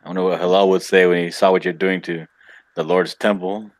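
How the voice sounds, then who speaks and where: A man's voice: deep voice, flat delivery, fairly quick. A man hosting a live art stream, trading teasing, mock-insulting jokes with friends. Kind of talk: casual live-stream banter.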